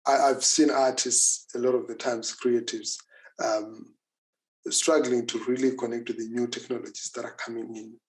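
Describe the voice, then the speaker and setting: A man hosting a live interview, halting and repeating words as he sets up a question. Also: medium pitch, level tone. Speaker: interviewer, host.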